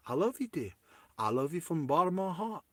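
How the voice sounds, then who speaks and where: A man voicing a doting Southern American man with a slow drawl, who keeps pressing his point with affection. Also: a little high, big pitch swings, dry recording. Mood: doting, insistent. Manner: insistent, affectionate.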